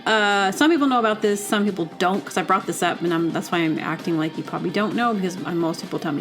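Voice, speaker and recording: A woman's voice: fairly low pitch, quick pace, few pauses, music in the background. A woman hosting a solo podcast, rambling chattily through digressions with lots of fillers. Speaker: podcast host. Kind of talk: casual solo monologue.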